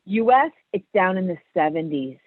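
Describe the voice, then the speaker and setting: A woman's voice: lowish voice, normal speed, dry recording. Candid woman guest over a tinny line. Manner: candid, animated storytelling. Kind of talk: casual interview chat. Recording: tinny phone-like line, dry.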